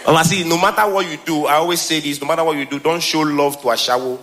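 A man with a Nigerian accent performing a stand-up comedy special on stage, animated, slipping between Pidgin and English and laughing often. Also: on the high side, fast talker, soft background music. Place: stage before live audience.

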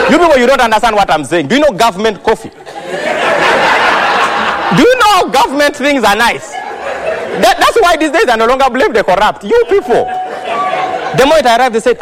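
Animated Ugandan stand-up comic. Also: male voice, high voice, normal speed, pauses often. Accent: Ugandan English. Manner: teasing, addresses the crowd directly. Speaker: stand-up comedian. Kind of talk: stand-up comedy storytelling. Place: stage in front of a live audience. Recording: live show with crowd noise. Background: audience laughter.

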